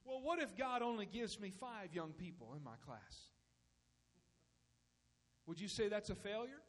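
A man's voice: high-pitched, expressive, unhurried, fairly bright tone. Preaching man in a reverberant hall. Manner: preaching with rising, emphatic bursts and acted-out dialogue. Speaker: pastor. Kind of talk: sermon.

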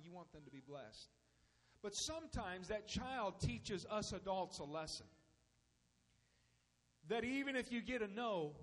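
A man's voice: high-pitched, a bit bright. Preaching man in a reverberant hall. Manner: preaching with rising, emphatic bursts and acted-out dialogue. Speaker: pastor. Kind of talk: sermon.

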